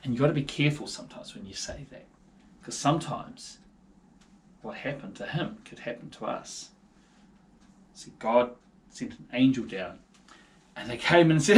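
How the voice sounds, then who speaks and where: A man with a New Zealand accent telling a Bible story to children in a casual, playful, animated way. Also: mid-range voice, normal speed, pauses often.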